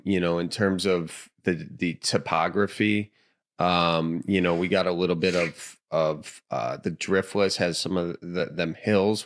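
A man's voice: deep voice, fairly bright tone. A man co-hosting a podcast in a laid-back, rambling way, with lots of fillers. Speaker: podcast co-host. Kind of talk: casual chat.

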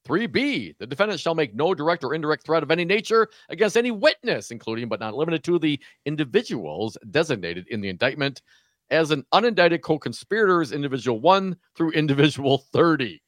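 A male radio co-host in casual political chat, wry and quick to laugh, reading legal text out loud. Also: on the high side, lively intonation, no room sound, studio quality. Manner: laughing, wry, plain-spoken.

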